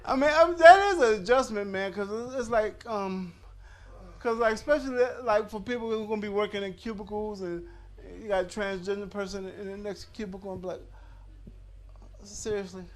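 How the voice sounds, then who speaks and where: A man's voice: sits high, a little fast. A man in his fifties doing a stand-up comedy set on stage, rambling loosely and working the crowd. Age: 50s. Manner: loose rambling delivery with crowd work and acted-out quotes.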